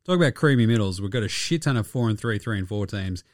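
A man's voice: on the low side, fast, dry recording, clean studio sound. A young Australian man co-hosting a sports podcast, swearing freely and joking in casual chat. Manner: swears freely, animated and jokey. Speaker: podcast co-host.

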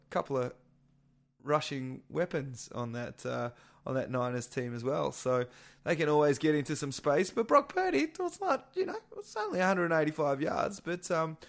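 A man co-hosting a casual sports podcast, animated and swearing freely, his voice jumping up when excited. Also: a little high. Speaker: podcast co-host.

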